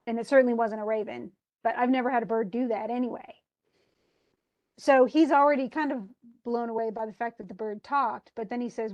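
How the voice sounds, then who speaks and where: A woman's voice: on the high side, fairly even intonation, brisk, darkish tone, dull audio. A woman teaching a literature class, explaining a poem in a chatty way with frequent restarts. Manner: chatty, restarts often, paraphrases casually. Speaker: English literature instructor.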